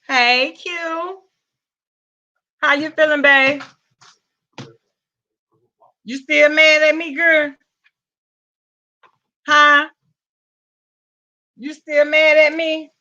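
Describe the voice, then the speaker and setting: Southern lady hosting a live stream, slow and drawly, bright voice, kinda dull lo-fi audio. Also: high-pitched, fairly even intonation. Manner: greets viewers with pet names, Southern US slang. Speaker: livestream host. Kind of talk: casual live-stream chat.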